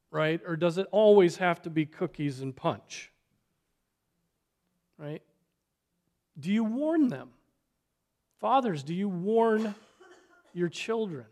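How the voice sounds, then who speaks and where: A man preaching a sermon, earnest, swinging between loud exhortation and soft, quiet asides. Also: high-pitched. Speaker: pastor.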